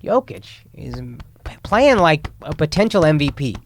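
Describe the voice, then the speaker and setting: A man's voice: fairly high pitch, very animated, moderate pace, slight background noise. A man, a comedian, talking in casual chat, blunt and full of crude jokes.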